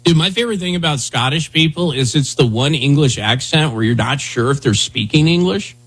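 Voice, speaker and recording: A man's voice: on the high side, expressive, fairly quick, a bit bright, husky. A man hosting a talk show, chatting loosely and rambling with lots of "dude" and "man". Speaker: radio show host. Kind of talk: casual talk radio banter.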